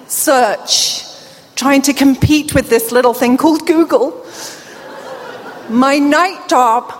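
A middle-aged British woman with a slight deaf accent giving a lively, playful conference keynote, speaking straight to the audience. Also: high-pitched. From England. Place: large hall before a live audience. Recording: long hall reverb with faint ambient noise.

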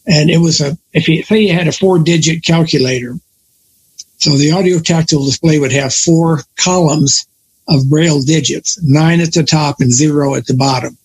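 A man's voice: on the high side, normal speed, breathy edge, low-quality recording. An older man telling long stories from his working life in a casual conversation, often stopping to correct himself. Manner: rambling storyteller, self-correcting. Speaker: guest.

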